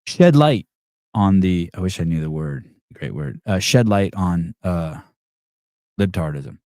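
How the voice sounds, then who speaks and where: A man's voice: deep voice, expressive, measured pace, dark tone, dry recording, studio quality. A man hosting a live call-in podcast, rambling in a sarcastic, profane way. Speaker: podcast host.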